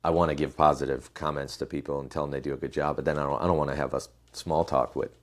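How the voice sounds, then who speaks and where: A man's voice: extremely low pitch, little pitch movement, fast. A man talking as a podcast guest, casual, hedging his points, restarting sentences and swearing now and then.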